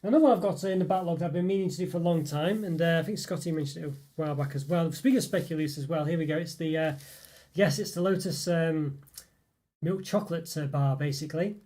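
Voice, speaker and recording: A man's voice: a little high, fast talker, mellow. A man hosting a live stream, chatting in a rambling way and reading out viewer comments with lots of fillers and chuckles. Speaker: live stream host reviewing chocolate.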